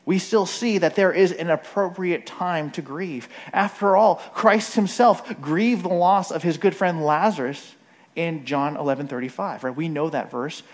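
A man's voice: on the high side, unhurried. A man giving a conversational sermon, often checking in with "right?" and briefly acting out the voices of the people he quotes. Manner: frequent "right?" tag questions, acts out quoted voices. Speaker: preacher.

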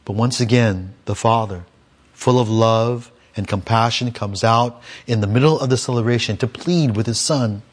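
A man with a mid-range, slightly rough voice preaches a sermon at a moderate pace, reading a scripture passage and then explaining it verse by verse. At times he raises his voice to act out the characters, playing the complaining son.

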